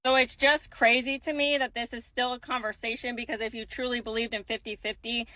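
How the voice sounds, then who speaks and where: A woman's voice: fairly high pitch, flat delivery, fairly quick, pushed and bright, no echo. A woman delivering an emphatic, sarcastic rant to camera. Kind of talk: ranting monologue to camera.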